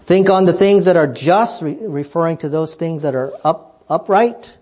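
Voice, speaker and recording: A man preaching a sermon, asking pointed rhetorical questions and swinging between fervent high emphasis and quiet, low asides. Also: normal speed, breathy edge. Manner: emphatic, rhetorical questions, rising passionately then dropping low.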